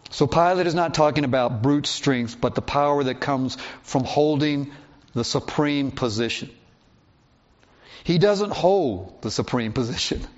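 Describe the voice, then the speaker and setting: A man preaching a sermon as a pastor, teaching through Bible passages and reading verses aloud. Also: medium pitch. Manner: expository Bible teaching, reads scripture aloud. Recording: dull lo-fi sound.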